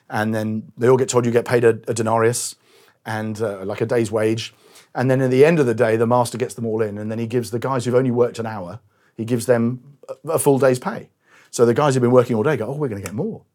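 A middle-aged male pastor preaching a sermon, telling stories with animated acted-out quotes and sometimes dropping to a quiet voice. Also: mid-range voice.

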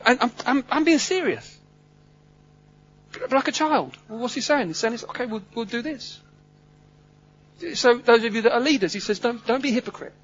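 Male preacher, high voice, animated and funny, muffled recording. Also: breathy edge. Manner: animated, humorous, swings between loud and hushed. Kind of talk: sermon.

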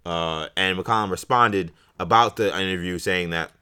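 A man with a low voice that still rings bright and forward. He co-hosts a podcast in casual sports chat, rambling with many fillers and restarts. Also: moderate pace, clean tone. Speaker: podcast co-host.

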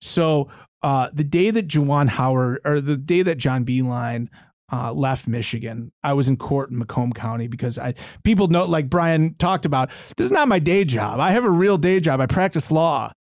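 A man's voice: on the high side, moderate pace, darkish tone, no room sound, clean studio sound. A man in his thirties, a lawyer and guest, telling a story in a casual interview with frequent restarts and fillers. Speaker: university board chair and lawyer, guest. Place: studio.

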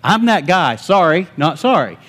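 A man pastor preaching a lively sermon in a church, laughing often and stressing his points with enthusiasm. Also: on the high side, moderate pace. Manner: animated, laughing, emphatic preaching. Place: church sanctuary.

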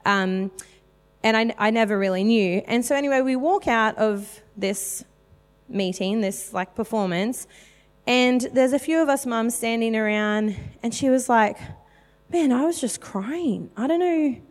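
Woman in her 30s, preacher, casual testimony, slightly high voice, hall reverb. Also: a little slow, smooth. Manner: candid and chatty, many fillers. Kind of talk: personal testimony sermon.

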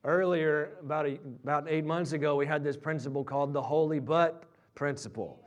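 A man preaching a sermon, telling stories that build loud and high at their peaks. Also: fairly even intonation, a little fast, dull audio. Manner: storytelling, rising loud and high at climaxes. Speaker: pastor.

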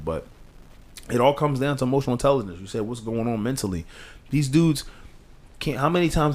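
A man co-hosting a casual podcast, talking with passion, rising in pitch to stress points and dropping low to quote others. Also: lively intonation, a little fast. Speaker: podcast co-host.

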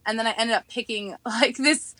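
A young woman from New York telling stories in a casual podcast chat, animated and acting out the people she quotes. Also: on the high side, moderate pace, no echo. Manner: animated storytelling, acting out others in quoted voices, laughing often. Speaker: podcast guest.

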